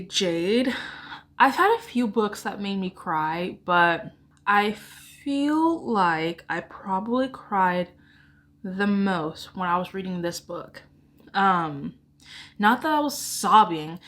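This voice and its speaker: A woman's voice: medium pitch, a bit bright. Rambling, giggly woman book vlogger. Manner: rambling, self-deprecating, giggly. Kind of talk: casual chat.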